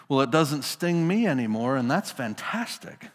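A man's voice: medium pitch, lively intonation, moderate pace, hardly any pauses, long reverb tail. A male pastor preaching a sermon in a casual storytelling manner, putting his listeners into the scene.

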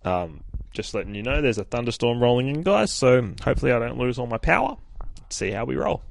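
A man's voice: medium pitch, very animated, fast, vocal fry, no echo. A man hosting a podcast, casually retelling a comic with frequent swearing and laughter. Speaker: podcast host. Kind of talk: casual comic book review.

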